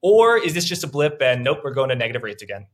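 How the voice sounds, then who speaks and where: A young man hosting a finance interview, asking questions in animated quick bursts with stammering repeats. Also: medium pitch. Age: young adult. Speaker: interview host.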